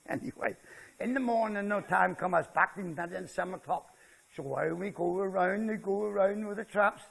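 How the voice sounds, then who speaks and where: A man's voice: sits high, moderate pace, creaky, a bit bright. An older man with a West Country Devon accent, telling jokey country stories to a live audience and keeping them involved as he goes. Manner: chatty, jokey, keeps checking in with listeners. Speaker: author giving a talk. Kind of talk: humorous storytelling to a live audience. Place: festival talk before a seated audience.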